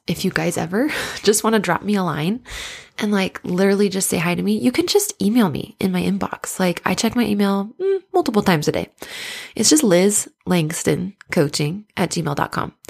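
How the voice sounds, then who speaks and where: A woman's voice: mid-range voice, creaky, husky. A woman in her thirties hosting a casual podcast as a life coach, bubbly and chatty, laughing often, with a stuffy nose. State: stuffy nose from sinus blockage.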